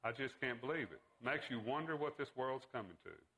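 A man's voice: medium pitch, animated, fairly quick, pushed and bright, rough recording. A man voicing a middle-aged father who defends his views with bluster in a read-aloud story. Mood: defensive.

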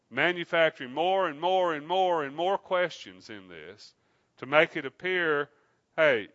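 A man preaching a sermon, reading scripture and slowing down deliberately to stress his points. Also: mid-range voice, a bit bright, no echo, muffled recording. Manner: deliberate, slows down for emphasis, rising intensity.

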